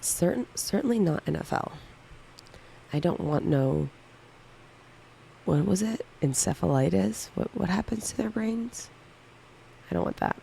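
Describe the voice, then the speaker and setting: Her voice is low, dark and creaky, animated yet unhurried, with long pauses, captured in a low-quality recording with slight hiss or hum. This woman in her thirties co-hosts a livestream, chatting casually and frankly answering viewers' questions one by one.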